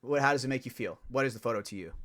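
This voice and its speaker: A man's voice: mid-range voice, expressive, very fast, fairly bright tone. A young adult man co-hosting a podcast, talking in a profane, emphatic, rambling way. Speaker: podcast co-host. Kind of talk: casual podcast chat.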